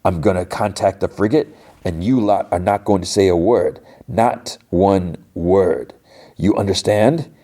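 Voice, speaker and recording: A man's voice: low voice, measured pace, dark tone. A man voicing a cruel, sneering male space pirate who threatens a group of children. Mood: scolding. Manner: mocking, threatening, talks down to kids.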